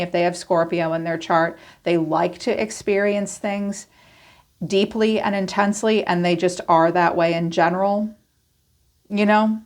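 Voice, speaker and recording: A woman's voice: on the low side, steady tone, unhurried, darkish tone. A woman giving a casual tarot card reading, chatty and informal, thinking aloud as she goes. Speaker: tarot reader.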